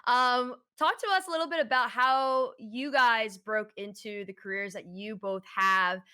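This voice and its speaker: A woman's voice: on the high side, a little slow, sharp tone, clear, resonant tone. A woman hosting an interview, chatting in an upbeat way and laughing often. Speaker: host. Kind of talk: casual interview chat.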